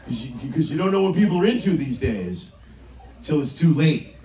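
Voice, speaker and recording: A man in his forties doing a crude, animated stand-up comedy routine in a cruise ship comedy lounge, shouting his punchlines. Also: on the high side, normal speed. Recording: roomy lounge, far from the mic, with crowd laughter. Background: audience laughter.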